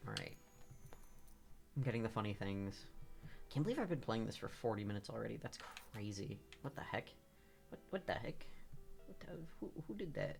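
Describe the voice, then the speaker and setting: Man, game streamer, slow talker, gravelly fry, rambling, swearing, frustrated outbursts, faint music behind. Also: on the low side, lively intonation, a little mellow. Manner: self-talk with teasing asides. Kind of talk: live gameplay commentary.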